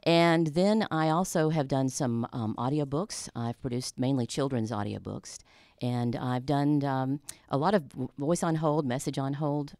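A woman's voice: extremely low pitch, unhurried, a little mellow, dry recording, studio quality. A woman voice-over artist and traffic reporter, chatting in a self-deprecating way in a radio interview. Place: radio studio. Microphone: studio microphone.

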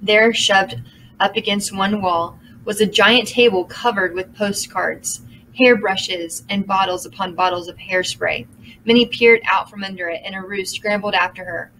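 A woman narrating a children's book in a measured storytelling manner. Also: mid-range voice, steady tone, fairly bright tone, slight background noise, rough recording. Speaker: audiobook narrator. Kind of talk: scripted narration.

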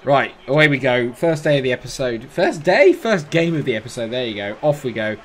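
A young man commentating his own football video game, muttering through play and shouting when goals go in. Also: mid-range voice, a little fast. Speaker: gaming YouTuber.

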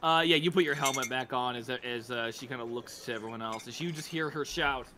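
A man's voice: mid-range voice, a little fast, pushed and bright, a little hiss or hum. A man narrating a tabletop game as game master, talking casually and breaking off to laugh and try out character voices.

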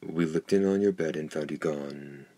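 A man reading the lines of an anxious, firm village mother in an audiobook, hushing and worried. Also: extremely low pitch, normal speed, dry recording.

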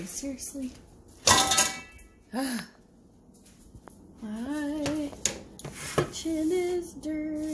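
A tired woman vlogs while cooking in her home kitchen, rambling casually and poking fun at herself. Her voice is a little high, and heavy background noise fills the recording.

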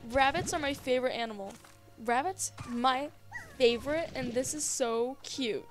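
A young woman casually commenting on a game she plays, gushing and easily excited, talking to the creatures on screen. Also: sits high, normal speed, soft background music. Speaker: gaming video host. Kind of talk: casual let's-play commentary.

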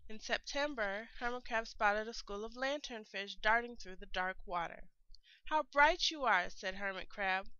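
Expressive woman reading a picture book. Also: medium pitch, normal speed, few pauses. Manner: clear, expressive storytelling. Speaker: teacher reading to children. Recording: dull lo-fi recording.

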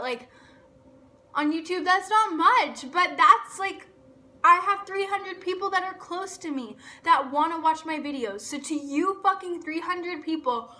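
Bright, high-voiced young woman ranting. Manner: blunt and profane, heavy swearing; fast talk with lots of filler "like". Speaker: vlogger. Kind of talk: casual rant to camera.

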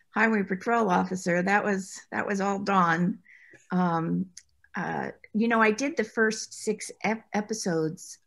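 A woman's voice: medium pitch, creaky. A woman guest in an interview, chatty and anecdotal, often laughing as she recalls her acting work. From United States. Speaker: interview guest, former actress. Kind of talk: conversational interview.

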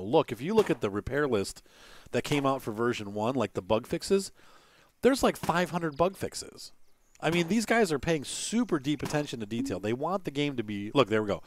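A man chatting loosely over a game he is playing, wandering from point to point and filling gaps with "um" and "you know." His voice sits at an ordinary middle pitch. Faint noise hums behind him. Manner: rambling, thinking aloud with many fillers; chuckles between remarks. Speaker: gaming channel host. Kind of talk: casual gameplay commentary.

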